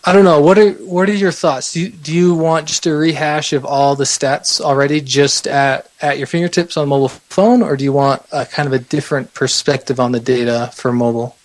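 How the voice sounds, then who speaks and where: A man appearing as a guest on a podcast, answering in a hesitant, halting way with many repeats. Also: a little high, steady tone. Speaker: podcast guest, website developer. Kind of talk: casual interview answers.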